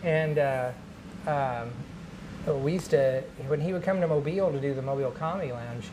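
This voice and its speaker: Animated male comedian telling stories. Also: mid-range voice, normal speed, noisy background. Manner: animated storyteller, slips into character voices. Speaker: guest comedian. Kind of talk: casual podcast chat.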